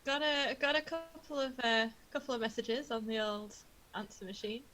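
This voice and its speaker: Bright-voiced hesitant woman player. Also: fairly high pitch, steady tone, moderate pace, low-quality recording. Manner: hesitant, filler-heavy, giggly. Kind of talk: casual tabletop game play.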